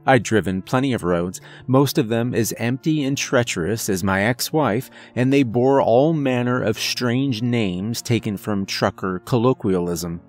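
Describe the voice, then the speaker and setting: A man reading a first-person horror story in a measured storytelling voice, as a trucker. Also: medium pitch, a little mellow. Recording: narration with faint music underneath.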